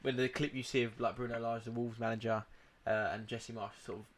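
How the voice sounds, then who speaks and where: A man's voice: mid-range voice, little pitch movement, brisk, a little hiss or hum. A young man co-hosting a casual football podcast, chatty and rambling, with frequent restarts. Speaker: podcast co-host.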